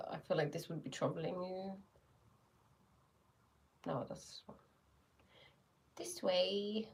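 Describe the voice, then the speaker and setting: A woman's voice: lowish voice, slight background noise. A woman teaching spiritual ideas in a casual live stream, playful and often laughing as she answers viewers.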